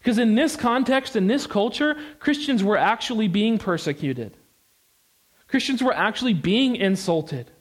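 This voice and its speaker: A young man from the United States preaching a sermon, animated and emphatic, with casual asides and repeated phrases. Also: high voice, measured pace.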